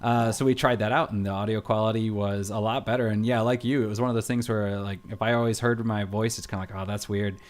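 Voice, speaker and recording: A man's voice: fairly low pitch, fast talker, hardly any pauses, a little hiss or hum. Man in a casual, rambling chat. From United States. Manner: relaxed, rambling storytelling with many fillers. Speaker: podcast co-host. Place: home studio. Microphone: headset mic.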